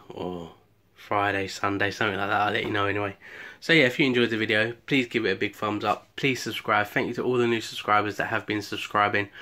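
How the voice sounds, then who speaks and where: A man's voice: fairly low pitch, bright, forceful tone. A man chatting casually through a home cooking vlog, with lots of ums and restarts. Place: home kitchen.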